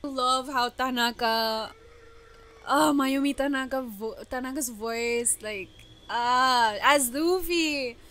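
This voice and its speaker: A young woman reacting to an anime episode, gasping, laughing and exclaiming in bursts of excitement. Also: sits high, slow.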